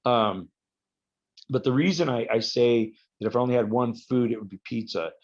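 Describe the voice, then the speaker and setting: A man, a wrestler being interviewed, telling rambling stories with halting restarts. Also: medium pitch. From United States. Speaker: guest, professional wrestler. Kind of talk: casual podcast interview. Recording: slightly dull lo-fi audio.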